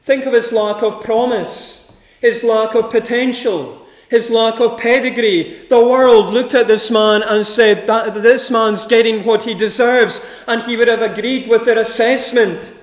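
A man's voice: very high-pitched, fairly even intonation, unhurried, echoey room. A man preaching a sermon with a rhythmic delivery, building his points through emphatic repeated lists.

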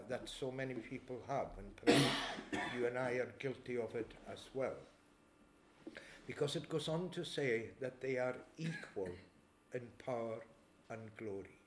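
A man of ordinary pitch preaches a measured sermon, reading scripture slowly and pausing to explain each verse. He clears his throat now and then. The sound rings around an echoey church with faint ambience behind. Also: a little hiss or hum.

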